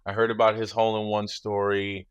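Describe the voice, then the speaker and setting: Low-voiced man, reflective. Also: completely flat delivery, clear, resonant tone, dry recording, highs cut off. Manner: measured, reflective, says "you know" often. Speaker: guest, former football player. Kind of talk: relaxed interview talk.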